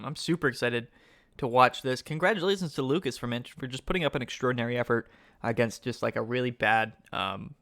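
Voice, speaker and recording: A man giving live-stream commentary on a card game tournament, excitable and thinking aloud, often asking his chat questions. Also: medium pitch, vocal fry.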